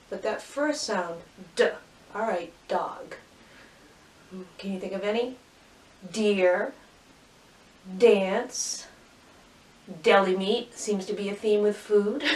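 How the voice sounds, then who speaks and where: A woman teaching a phonics lesson to young children, cheerfully sounding out words and syllables slowly and clearly. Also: medium pitch, far from the mic. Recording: roomy echo, voice from off mic.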